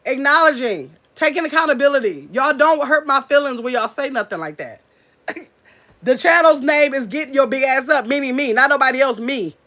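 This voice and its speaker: A middle-aged woman talks straight to her viewers in a blunt, chatty way and keeps calling them y'all. Her voice sits a little higher than most women's. She's running her own channel in an unscripted, casual vlog. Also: animated, normal speed, bright, forceful tone. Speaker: channel host. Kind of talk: casual talk to camera.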